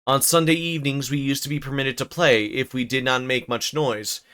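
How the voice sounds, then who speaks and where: A man's voice: medium pitch, steady tone, a little fast, bright, forceful tone, smooth. A man reading a classic novel aloud on a livestream, with stumbles, rereads and casual asides. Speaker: streamer narrating a novel.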